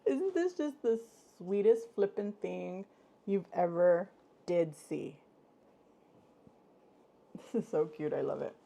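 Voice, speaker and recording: Gushing woman streamer with a mellow voice. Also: vocal fry. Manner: effusive and gushing, swooping up high when excited. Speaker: live-stream host. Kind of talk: casual chat to live viewers.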